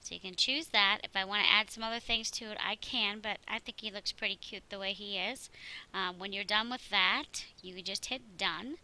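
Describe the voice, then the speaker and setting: A woman teacher talks through a screen-recorded tutorial in a chatty way, explaining one step at a time. Her voice is very bright and clear at a middle pitch. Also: fairly even intonation, normal speed, poor audio. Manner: chatty, walks through steps.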